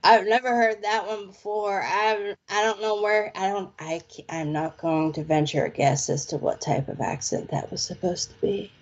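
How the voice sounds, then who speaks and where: A woman's voice: mid-range voice, fairly even intonation, normal speed, few pauses, dull audio. A woman doing a casual live palm reading, chatty and playful with slangy phrases. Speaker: psychic palm reader.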